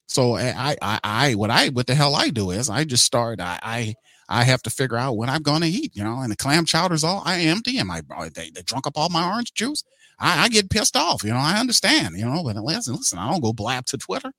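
A man's voice: mid-range voice, big pitch swings, fairly quick, bright, forceful tone, no echo. A middle-aged man hosting a sports podcast, ranting bluntly and heatedly, swearing and repeating himself. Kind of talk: opinionated sports talk.

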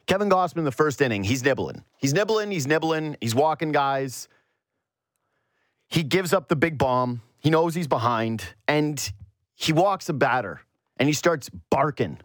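A man hosting a solo sports talk show, ranting in an animated, exasperated way. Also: a little high, no echo, studio quality. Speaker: sports radio host.

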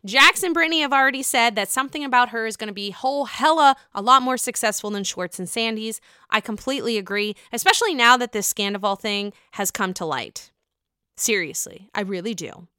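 Bright, clear-voiced woman ranting. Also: a little high, fairly quick, dry recording, studio quality. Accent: US East Coast. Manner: swearing, animated, sarcastic ranting. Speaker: podcast host. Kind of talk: casual reality-TV recap.

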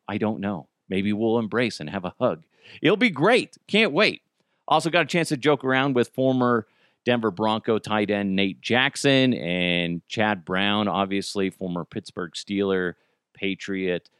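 A man with a Cajun accent hosting a podcast, telling stories in a joking, profane, animated way. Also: mid-range voice, smooth, dry recording, studio quality. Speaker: podcast host. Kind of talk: casual comedic monologue.

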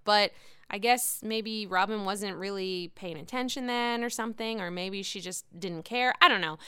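A woman recapping a reality TV episode in a casual, candid way, swearing freely and talking with lively energy. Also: mid-range voice, smooth, no room sound, studio quality.

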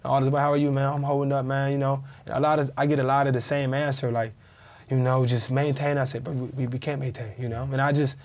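A man's voice: medium pitch, fast. A man in his thirties, a former pro football player, telling a story in a casual interview and acting out the people in it. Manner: animated storyteller, acts out quoted voices.

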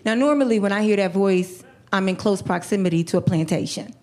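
A woman comedian doing a live stand-up set, telling stories in an animated way, laughing and slipping into put-on voices. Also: mid-range voice, brisk. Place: comedy club stage before a laughing crowd. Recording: live club with crowd laughter and noise.

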